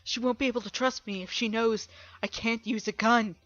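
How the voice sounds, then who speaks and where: A woman voicing a stern, prideful young male bodyguard who talks gruffly and defensively. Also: fairly high pitch, fairly even intonation, moderate pace, fairly bright tone, dull audio, natural voice.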